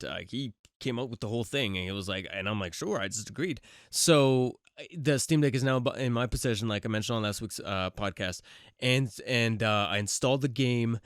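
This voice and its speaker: A podcast host with a medium-pitched voice talks briskly, recorded with clean studio sound and no room sound. Getting over a cold, he chats casually on his solo show, rambling with lots of fillers and restarts.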